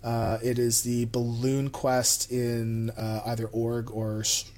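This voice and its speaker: A man's voice: mid-range voice, monotone, slow pace, darkish tone. A man hosting a podcast in casual chat, rambling and self-deprecating as he thanks supporters. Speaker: podcast host.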